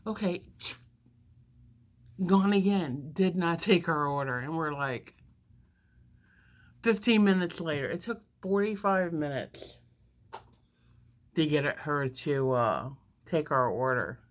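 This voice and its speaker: Fifty-something lady rambling slowly thru a story while doing makeup, lots of ums. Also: low-pitched, lively intonation. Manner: rambling, with many fillers and restarts.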